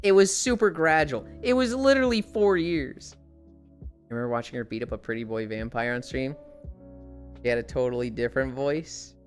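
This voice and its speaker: Low-voiced nasal woman streamer, sarcastic. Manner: sarcastic and swearing, chatting to viewers. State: sick. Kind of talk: casual live-stream chat.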